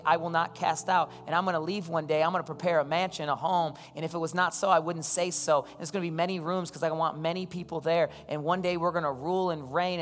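A man preaching as a pastor, telling stories conversationally and asking the congregation questions. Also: a little high. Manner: conversational storytelling, asks the crowd questions. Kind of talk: sermon. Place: church hall. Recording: long hall reverb with soft keys.

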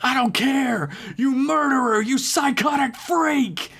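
A man voicing an enraged young woman with dark powers, screaming furious accusations. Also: very high voice, takes it slowly, breathy edge, pitched above the performer's own voice, exaggerated voice.

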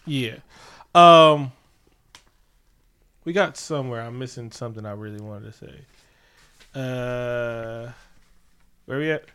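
Bright, clear-voiced man chatting. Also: medium pitch, takes it slowly, long pauses. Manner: animated, laughs often, acts out quotes. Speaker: podcast co-host. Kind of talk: casual movie recap chat.

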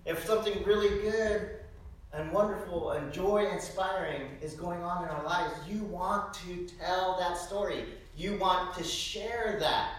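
Animated male pastor in an echoing hall. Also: sits high, unhurried. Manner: animated storytelling, frequent rhetorical "right?". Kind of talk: sermon. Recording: echoey hall, distant mic.

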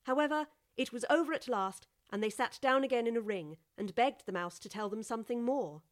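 A woman narrating a storybook in an even, measured reading voice. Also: a little high.

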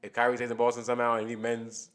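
A man's voice: medium pitch, completely flat delivery, very fast, fairly bright tone. A man co-hosting a podcast, talking sports casually and thinking aloud as he goes. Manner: loose, rambling, thinks aloud with restarts. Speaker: podcast co-host.

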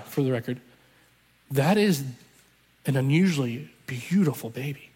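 Guy preaching, telling a story and doing everybody's voices, kinda husky, big reverby hall. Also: medium pitch, measured pace. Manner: animated, acts out voices of people in the story. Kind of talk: storytelling sermon. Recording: long reverb from a large hall.

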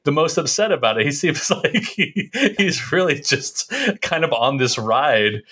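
A man's voice: on the high side, expressive, a little slow, bright, forceful tone. A man co-hosting a casual movie podcast, laughing often and quoting lines. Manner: laughs often, quotes lines in put-on voices. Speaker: podcast co-host.

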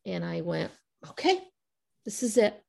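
A middle-aged woman guest on a podcast, telling a story in lively casual speech, acting out quoted conversations and laughing often. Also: fairly low pitch, unhurried, creaky.

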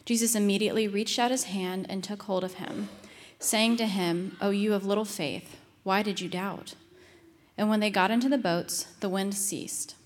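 A woman reading a Bible passage aloud in church in a measured, formal way. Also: medium pitch, fairly even intonation. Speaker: scripture reader. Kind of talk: scripture reading. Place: church sanctuary. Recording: long hall reverb.

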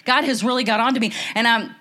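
A woman's voice: fairly high pitch, fairly even intonation, quick pace, bright, forceful tone. A middle-aged woman giving a candid, emotional church testimony, rambling with restarts. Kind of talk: testimony sermon.

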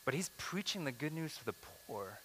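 Bright-voiced male preacher in a reverberant hall. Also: medium pitch, sing-song, fairly quick, a little hiss or hum. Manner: conversational preaching, acts out quoted lines, uneven pace. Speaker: pastor. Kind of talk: sermon.

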